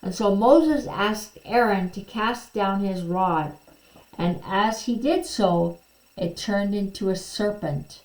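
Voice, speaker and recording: Slow, gentle woman telling a Bible story. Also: mid-range voice. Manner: slow, gentle storytelling, quoting figures with a bit more lift. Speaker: Bible teacher. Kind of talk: Bible story read aloud to children. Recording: echoey room.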